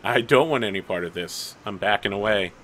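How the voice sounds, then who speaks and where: A man's voice: on the low side, a little fast, a bit bright, close to an everyday voice. A man voicing a wary biker backing down. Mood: placating. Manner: placating, hands raised.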